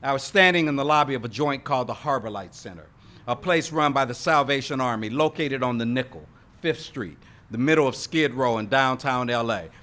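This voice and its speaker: A man telling his recovery story at an AA meeting, talking to the room and building to loud emphatic moments. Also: medium pitch, brisk. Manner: lively storyteller addressing the room with "y'all" and "right?"; emphatic, rising to loud punches. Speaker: AA meeting speaker. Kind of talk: recovery testimony to a live audience. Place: meeting hall with live audience.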